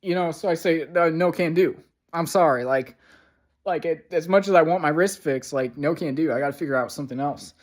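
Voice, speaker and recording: A young man talks straight into a camera in a room at home, rambling through a long, frustrated story. He swears often and leans on fillers. Now and then he breaks into loud, sarcastic outbursts. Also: fairly high pitch, a little fast. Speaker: vlogger. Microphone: camera mic.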